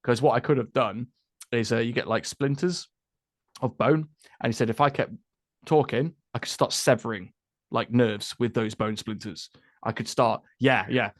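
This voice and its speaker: A man's voice: mid-range voice, normal speed, no room sound, studio quality. A young British man, a talkative podcast guest who tells stories casually and laughs often. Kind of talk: casual conversational storytelling.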